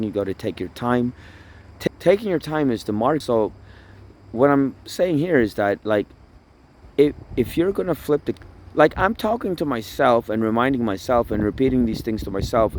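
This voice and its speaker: A Toronto-area vlogger with a medium-pitched, slightly mellow voice walks by the water in a park, chatting casually into a phone camera he holds himself. His outdoor monologue rambles, swears and repeats itself.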